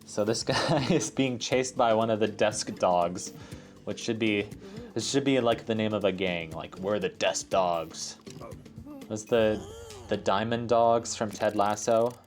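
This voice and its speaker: A man's voice: on the low side, a little slow, faint music behind. A man casually commenting on a puzzle game as he plays, rambling through chatty asides full of filler words. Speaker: let's play host.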